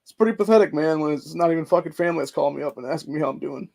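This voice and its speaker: A man's voice: a little high, rapid-fire, vocal fry, a little mellow. A man in his forties venting in a rambling, profane monologue, emotional and stressed out. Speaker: vlogger.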